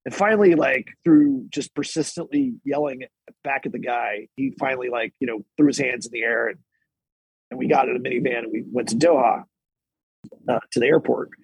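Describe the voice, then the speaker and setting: Husky-voiced man telling a rambling story. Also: medium pitch, brisk, rough recording. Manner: rambling, many restarts and asides, laughing at his own story. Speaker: podcast guest, military service member. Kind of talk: casual anecdotal storytelling. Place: podcast recording.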